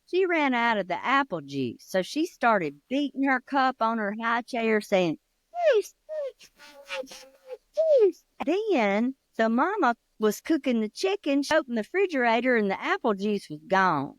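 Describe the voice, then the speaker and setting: A woman, telling a ghost story with dramatic pauses and spooky low drops. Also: very animated, no echo. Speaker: co-host, storyteller.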